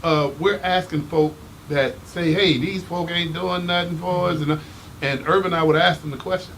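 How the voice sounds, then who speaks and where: A man hosting a casual talk show, animated and emphatic, teasing his guest. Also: a little high, normal speed, slight background noise, rough recording. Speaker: host. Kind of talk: casual chat.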